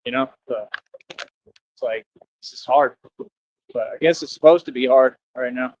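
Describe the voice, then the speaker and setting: A man's voice: mid-range voice, a little slow, darkish tone, dull audio. A man live-streaming while walking outdoors, chatting casually in a rambling, laid-back way. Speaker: street streamer in costume. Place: outdoors on streets. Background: passing traffic.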